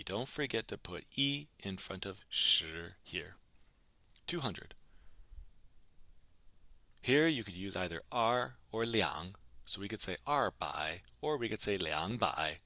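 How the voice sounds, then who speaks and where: A man's voice: on the low side, animated, takes it slowly, bright, forceful tone, no echo. A man teaching a recorded language lesson, patiently prompting each number and then giving the answer himself.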